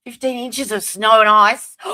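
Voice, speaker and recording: A woman's voice: sits low, animated, measured pace. An Australian woman hosting a casual livestream, chatty and welcoming viewers by name, with plenty of fillers. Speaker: livestream host.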